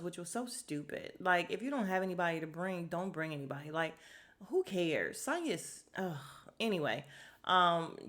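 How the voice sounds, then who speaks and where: A woman's voice: on the low side, fairly bright tone. A middle-aged woman hosting a podcast from home, casually recapping a reality show with blunt, sassy asides and laughs.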